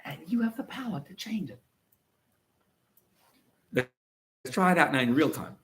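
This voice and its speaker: Man, rabbi, talk to students, lively swooping pitch, conversational, acts out quotes. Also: moderate pace.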